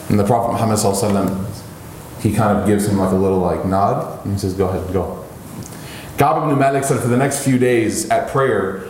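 A man preaching a sermon, telling a story with animation and his voice climbing high when he acts out pleading lines. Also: a little mellow, echoey room, slight background noise.

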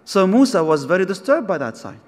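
A man's voice: sits high, brisk. A man preaching a sermon, telling a story and acting out its dialogue, with recited verses mixed in. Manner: animated, acts out dialogue, mixes in recited verses. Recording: long hall reverb.

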